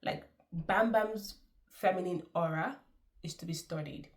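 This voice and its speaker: A woman's voice: lowish voice, measured pace. A woman giving a chatty, effusive film review, laughing often. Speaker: movie reviewer. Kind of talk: casual movie review.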